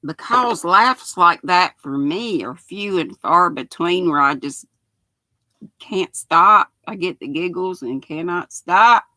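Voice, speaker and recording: A fairly low, bright, forceful voice comes from an older Southern woman from North Carolina, speaking slowly and animatedly in a dry recording. She hosts a casual livestream where she chats folksily and greets her viewers one at a time by name.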